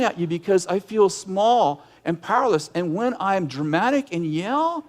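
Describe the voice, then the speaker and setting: A middle-aged male pastor preaching a sermon in an animated way, breaking into acted yelling now and then. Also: sits high, a little slow. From United States.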